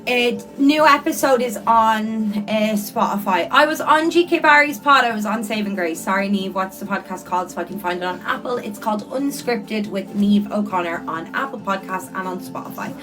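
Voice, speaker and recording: A woman's voice: medium pitch, moderate pace, few pauses, fairly bright tone, faint music behind. A young woman, hosting a casual livestream and reading out viewer comments in a chatty, earnest way, repeating words for emphasis. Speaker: livestreamer and podcast host.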